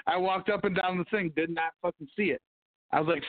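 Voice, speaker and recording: A man's voice: on the high side, brisk. A man hosting a casual podcast, rambling and swearing constantly as he tells stories. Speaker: podcast host. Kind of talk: casual profane chat. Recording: tinny phone-like audio.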